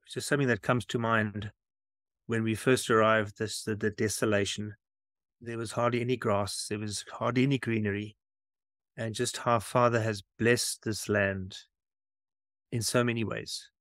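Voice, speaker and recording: A man guest from South Africa answering calmly and reflectively in an interview. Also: fairly low pitch, moderate pace, no echo, studio quality.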